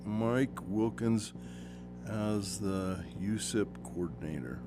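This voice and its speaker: A man's voice: on the low side, takes it slowly, music in the background. A man, a county commissioner, making terse formal motions at a public meeting.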